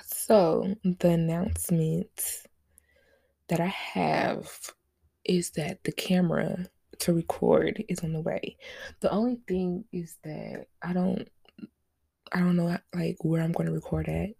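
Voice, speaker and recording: Young woman host, AAVE, loose and joking, low husky gravelly voice, dry close sound. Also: flat delivery, slow pace, warm tone, no echo. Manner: loose, joking, cusses and laughs. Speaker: podcast host. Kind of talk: casual solo podcast chat.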